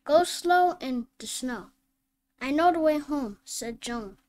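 A woman's voice: sits high, lively intonation, darkish tone. A woman teaching a phonics reading lesson, reading word lists and simple sentences one at a time, sometimes correcting herself. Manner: reads each word slowly and distinctly, self-corrects.

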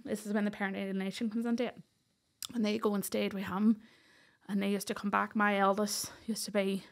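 A woman's voice: mid-range voice, flat delivery, a little fast. Earnest woman telling her story. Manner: earnest, acts out what others said. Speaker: podcast guest. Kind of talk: personal storytelling in conversation.

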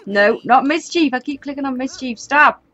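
A woman's voice: high-pitched, lively intonation, brisk, muffled recording. Chatty woman narrating gameplay. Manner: chatty, exasperated, laughs often. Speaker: gaming YouTuber. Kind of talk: casual let's-play commentary.

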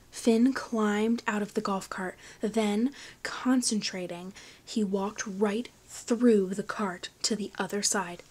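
A woman narrates a thriller novel for an audiobook at an unhurried pace. Her delivery is hushed and even, and her pitch sits in the middle. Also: slightly rough. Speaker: audiobook reader.

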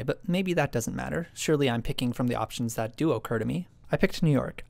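A man's voice: medium pitch, vocal fry, a little mellow, no room sound. A man narrating a reflective video essay, musing and questioning himself as he thinks aloud.

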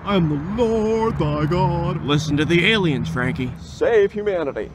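A man doing a slow, solemn voice of God. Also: high-pitched, animated, noisy background. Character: solemn male God giving orders.

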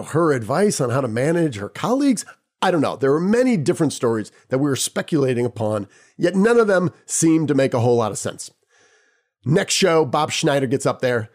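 Male podcast host, slightly raised pitch, casual anecdotal storyteller. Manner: lively anecdotal telling with chuckles. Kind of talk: personal storytelling.

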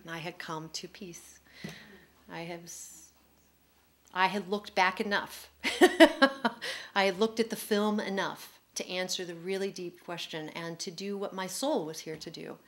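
A woman's voice: lowish voice, steady tone, fairly bright tone. Woman telling a candid personal story. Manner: emotional, candid, quick-flowing storytelling. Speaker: author speaking at a public forum.

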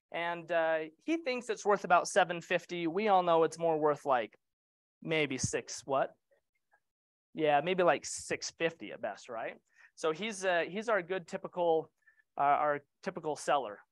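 A man's voice: fairly high pitch, fairly bright tone, no echo. A middle-aged man leading a real estate training session, casual and joking, asking the group questions.

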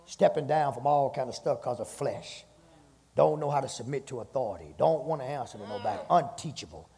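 A male pastor preaching a sermon, swinging from low talk to fervent shouted passages, recorded in a church. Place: church sanctuary with long reverb. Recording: hall reverb.

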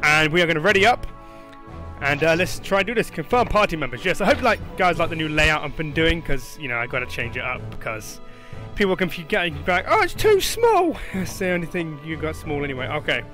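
A high-pitched young man commenting on his game as he plays, excitable and foul-mouthed, joking and shouting at his teammates. Clear game music plays loudly behind him. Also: fairly quick. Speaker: gaming channel host. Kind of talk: live gameplay commentary.

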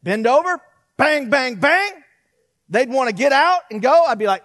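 A middle-aged man preaching a sermon, animated, swinging from loud to hushed and acting out quotes. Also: high voice, normal speed, pauses often, dry recording, clean studio sound. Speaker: pastor.

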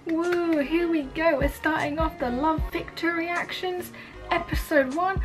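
A young woman hosting a reaction video, chatting casually and gushing excitedly over what she watches. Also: very high voice, measured pace. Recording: voice over show audio with music.

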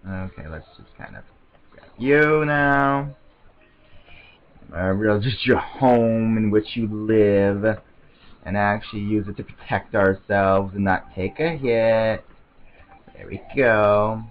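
A man giving casual, excitable gameplay commentary, rambling to himself and often stammering over restarts. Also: on the low side, unhurried, lo-fi sound. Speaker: let's play commentator.

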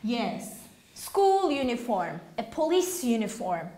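A woman teaching English in a classroom, with a high voice that rises and falls widely. She talks slowly and patiently, repeating words and questioning the students. The room is echoey, with faint noise behind her. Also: big pitch swings, warm tone. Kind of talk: classroom language lesson.

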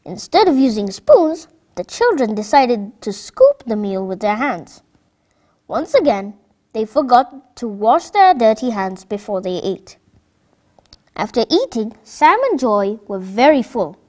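A woman narrates a children's story aloud. She reads clearly and expressively, with a higher pitch that rises and falls a lot. Her pace suits young listeners. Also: big pitch swings, measured pace, darkish tone.

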